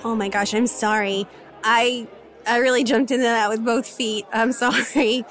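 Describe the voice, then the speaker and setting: A woman's voice: fairly high pitch, steady tone, normal speed, fairly bright tone, soft background music. A woman playing a tabletop game who talks in a giggly, slightly apologetic way. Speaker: player. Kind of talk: casual tabletop play.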